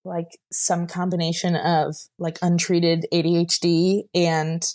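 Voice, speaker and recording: A woman's voice: lowish voice, level tone, unhurried, darkish tone. A young woman telling her own story in a casual, rambling way, leaning often on "like" and laughing as she talks. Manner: rambling, heavy use of "like", laughs while telling. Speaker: guest sharing her story.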